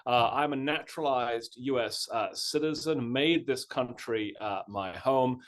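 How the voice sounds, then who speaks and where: A man with a British accent giving a lively online history lecture with plenty of uh fillers. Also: mid-range voice, measured pace. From Britain. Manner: animated, self-deprecating, frequent uh fillers. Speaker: guest lecturer, history professor. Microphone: video call.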